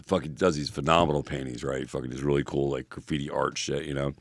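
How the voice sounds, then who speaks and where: Low-voiced guy rattling off wild stories fast, swears a lot, dry sound. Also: flat delivery, creaky, no echo. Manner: rowdy, swearing storyteller who acts out what people said. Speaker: podcast co-host. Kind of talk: casual chat.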